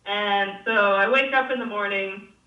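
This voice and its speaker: A woman's voice: mid-range voice, measured pace. A young woman telling a story in casual chat, swearing freely and laughing as she goes. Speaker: guest. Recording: roomy, distant, dull sound.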